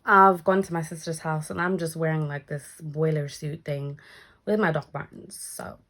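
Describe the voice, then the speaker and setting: A young woman tells a story for her vlog in a casual, chatty way. She slips into other people's voices as she goes, and her speaking voice sits fairly low. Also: normal speed. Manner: animated, acts out quoted lines, swears casually. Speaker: storytime vlogger.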